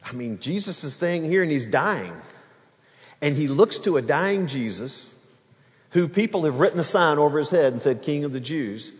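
A man preaching a sermon in an animated way, acting out the quoted lines and bantering with the congregation. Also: fairly high pitch, moderate pace, long reverb tail. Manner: animated preaching, acts out quoted speech, laughs with the crowd. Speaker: pastor.

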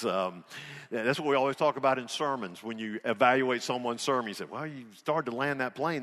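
A man's voice: mid-range voice, fairly bright tone, big-room sound. A man preaching a sermon as pastor in a church, folksy and joking, retelling scripture in a casual voice. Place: church sanctuary.

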